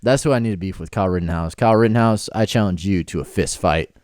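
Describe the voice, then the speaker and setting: A man's voice: low voice, quick pace, a little mellow, no room sound, clean studio sound. A man co-hosting a podcast in casual chat, joking crudely and laughing often. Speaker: podcast co-host.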